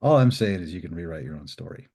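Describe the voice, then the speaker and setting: Low husky man telling stories. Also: fast talker. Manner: relaxed, rambling, many fillers. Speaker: interview guest. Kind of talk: reflective storytelling.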